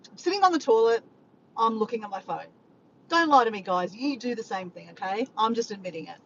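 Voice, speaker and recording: An Australian woman tells stories to her viewers in a chatty, excitable vlog. Her voice sits high and swoops all over as she talks. The audio is dull and lo-fi, with clear background noise underneath. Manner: chatty, excitable, keeps addressing viewers as guys. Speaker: vlogger. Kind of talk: casual chatty vlog storytelling.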